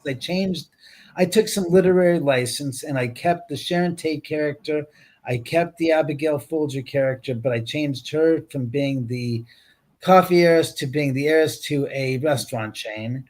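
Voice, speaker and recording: A man's voice: on the high side, moderate pace, a little mellow. A man from Los Angeles, a guest film producer, telling stories on a podcast and acting out quoted dialogue with lots of restarts. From Los Angeles, USA. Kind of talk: animated storytelling on a podcast.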